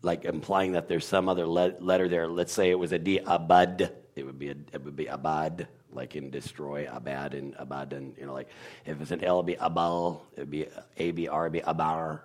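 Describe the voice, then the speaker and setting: Very deep-voiced man explaining letter sounds. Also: level tone. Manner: halting, searches for words with many fillers; sounds out letters slowly to demonstrate. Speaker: guest teacher of Hebrew. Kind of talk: casual explanatory talk.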